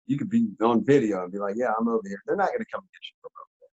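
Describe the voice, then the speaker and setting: A man telling a story in an interview, in a casual, animated, slangy way with frequent laughs. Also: medium pitch, racing, husky, highs cut off. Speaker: interview guest.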